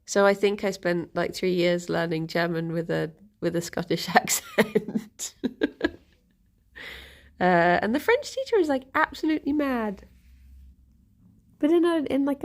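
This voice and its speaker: Giggly woman with a gravelly voice. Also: mid-range voice, darkish tone. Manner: rambling and giggly, with frequent restarts. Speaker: streamer. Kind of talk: casual chat to a live stream. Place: home, sat on the floor with pet rabbits.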